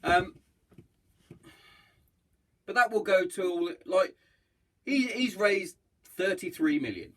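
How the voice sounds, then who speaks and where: A man's voice: high voice, lively intonation, sharp tone. A man hosting his own podcast, chatting casually in a blunt, heavily sweary way and acting out bits of what others said. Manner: acts out others' lines in quick voices. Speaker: podcast host. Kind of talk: casual solo podcast chat.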